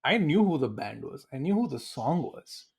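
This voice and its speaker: Male co-host, 30s, husky, lively pitch, chatty and self-mocking. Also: moderate pace. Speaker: podcast co-host. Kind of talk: casual podcast chat.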